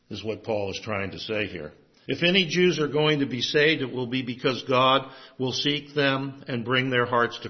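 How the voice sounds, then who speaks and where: A man preaching an expository sermon, measured and emphatic, dropping low to close each point. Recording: dull, lo-fi sound.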